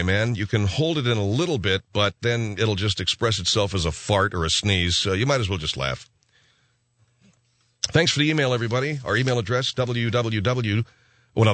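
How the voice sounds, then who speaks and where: A man's voice: on the low side, a bit bright, dry recording. A man hosting a radio talk show, rambling in a casual, offhand monologue full of restarts from a studio.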